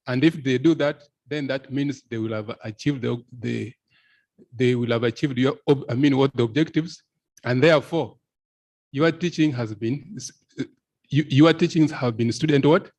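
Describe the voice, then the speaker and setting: A man's voice: medium pitch, a little mellow, rough recording. Hesitant man speaking from the floor. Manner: hesitant, halting with fillers. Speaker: seminar participant. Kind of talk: question from the floor.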